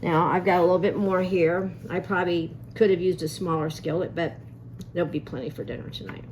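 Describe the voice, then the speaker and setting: A woman's voice: lowish voice, a little fast, a little mellow, a little hiss or hum. A woman hosting a casual cooking demonstration in a home kitchen, chatty and folksy, telling family stories as she works. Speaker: cooking show host.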